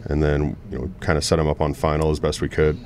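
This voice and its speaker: A man's voice: a bass voice, monotone, fast talker, darkish tone. A middle-aged man, an air traffic controller, telling stories earnestly in a casual panel talk. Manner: earnest, storytelling with many restarts.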